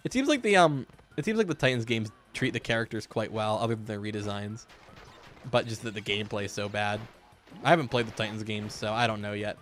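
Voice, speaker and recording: A man's voice: fairly low pitch, fairly quick, a bit bright, faint music behind. A man giving casual, rambling commentary while streaming a game, joking and swearing freely, in a hot room at home.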